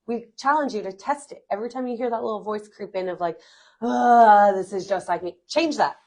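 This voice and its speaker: A woman's voice: mid-range voice, fast talker. A woman co-hosting a casual motivational chat, upbeat and chatty with many fillers. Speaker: co-host.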